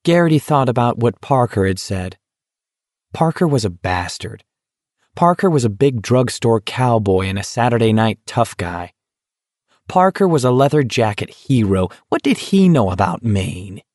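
A man narrates an audiobook in a steady, measured manner with a mid-range voice. The recording is clean studio sound with no room sound.

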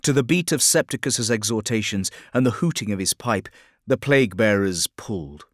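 A man reading a grim dark fantasy story in a steady, measured narration. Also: fairly low pitch, no echo, clean studio sound. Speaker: audiobook narrator. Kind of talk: scripted narration.

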